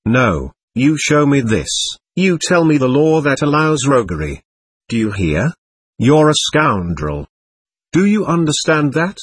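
A sly, drunken peasant answers with calm, thick-tongued contempt, as a man reads him aloud. The voice is husky and lively in pitch. The recording is dry and close. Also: measured pace, dry recording. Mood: mocking. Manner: slurred, calm and insolent.

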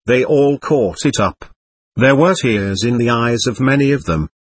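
A man narrating a novel in a measured, expressive reading. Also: medium pitch, no echo. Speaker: audiobook narrator.

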